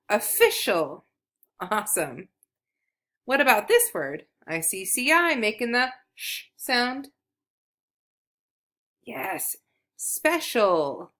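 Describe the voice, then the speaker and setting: Woman teacher talking slow n bouncy to little kids, lots of praise. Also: medium pitch, sharp tone. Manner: encouraging, speaks slowly and clearly to young learners. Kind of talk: early reading lesson for children.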